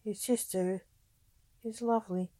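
A woman's voice: mid-range voice, steady tone, unhurried, mellow, natural voice. A woman voicing a friendly male earl with a French accent, eager and inquisitive.

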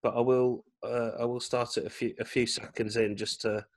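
A man's voice: mid-range voice, little pitch movement, normal speed. A man hosting a podcast interview, chatting casually, enthusiastic and fan-like with hesitant fillers. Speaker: podcast host.

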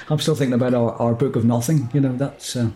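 A man's voice: medium pitch, steady tone, a little fast, dark tone. A man co-hosting a comic story podcast, joking and chuckling in casual chat. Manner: jokey, chuckling, rambling. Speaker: co-host and character reader.

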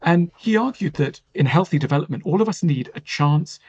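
Speaking as a podcast guest, this author explains ideas thoughtfully and reflectively, scattering lots of "you know" fillers. His voice sits a little high with a darkish, slightly rough tone, and he talks briskly with lively intonation. The audio is lo-fi.

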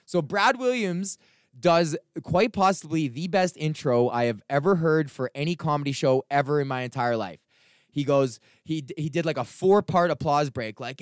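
A young man hosting his own podcast, ranting in a casual, profane, animated way and acting out the people in his stories. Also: fairly high pitch, normal speed, no room sound, studio quality. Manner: profane, animated storytelling with acted-out quotes. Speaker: podcast host.

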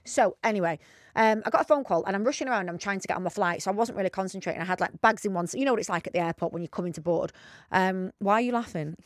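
A young woman from near Rochdale, co-hosting a casual chat and telling stories in an animated, excitable way. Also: mid-range voice, no echo, clean studio sound. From northern England, near Rochdale. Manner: animated storyteller, quick and excitable. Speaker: podcast co-host.

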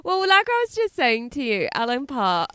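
A woman's voice: on the high side, wildly swooping pitch, sharp tone, a little hiss or hum. A woman co-hosting a comedy podcast, talking casually with a stuffy cold, giggling often and swearing freely. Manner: giggly, swearing, quick to laugh. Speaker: podcast co-host. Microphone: close podcast mic.

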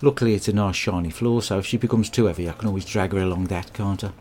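A man performs a comic monologue. He rambles in a crude, deadpan way. A faint background hiss sits under his voice. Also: deep voice, fast talker.

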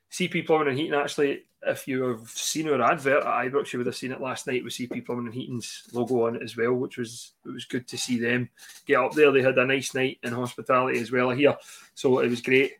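A man hosts a casual football podcast at a middling pitch. He is chatty, laughs often and jokes easily with his guests. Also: fairly bright tone. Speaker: podcast host.

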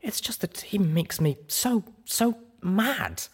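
A man's voice: fairly low pitch, very animated, normal speed, darkish tone, slightly rough. A man voicing a refined female pony singer with a sweet, sultry and dramatic manner. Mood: exasperated.

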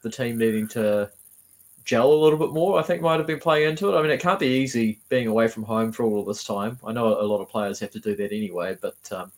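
A man's voice: mid-range voice, fast talker, a little mellow. A man co-hosting a casual football fan podcast, hesitant and repeating words as he thinks. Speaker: podcast co-host.

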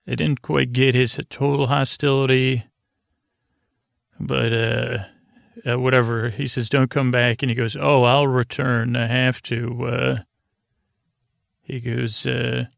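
Rambling gravelly man recapping. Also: medium pitch, a bit bright, no echo. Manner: rambling, many fillers and restarts. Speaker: podcast host. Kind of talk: casual episode recap.

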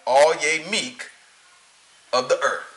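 Guy doing a solemn preacher voice, low and hushed, drags every word. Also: reverberant. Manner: slow, hushed, drawn-out pauses. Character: slow solemn male preacher, drawn-out.

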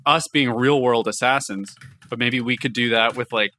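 A man's voice: medium pitch, normal speed. Blustering male comedy podcast host. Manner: loud, blustering bits, then relaxed rambling. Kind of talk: improvised comedy sketch and chat.

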